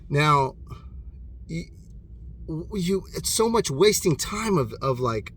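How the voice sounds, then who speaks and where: A man in his thirties giving an impassioned, profane motivational monologue alone in his room, swinging between loud bursts and hushed intensity. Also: on the high side, expressive, slow, husky. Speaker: motivational vlogger.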